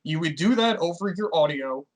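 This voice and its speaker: A man's voice: fairly high pitch, lively intonation, normal speed. A young man chatting as a guest, talking eagerly, agreeing often and trailing off mid-thought. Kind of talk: casual reminiscing chat.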